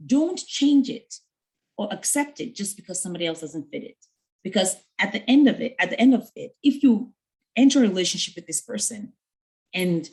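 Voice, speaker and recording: A woman's voice: lowish voice, a little mellow, poor audio. A woman giving an earnest mentoring talk to young women, conversational and full of stories with quoted dialogue. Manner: conversational with fillers.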